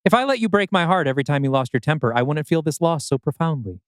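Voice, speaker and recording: A man's voice: on the high side, animated, fast talker, no room sound, pitched above the performer's own voice, natural voice. A man voicing an old gay male artist who is dry and unsentimental, in an airy, theatrical way. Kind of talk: audio drama acting.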